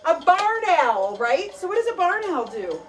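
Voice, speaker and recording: A woman's voice: very high-pitched, big pitch swings, measured pace. A young adult woman leading an animal-themed workout class, chatty and encouraging, breaking into playful animal noises. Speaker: fitness instructor. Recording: voice from a distance with faint music. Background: faint workout music.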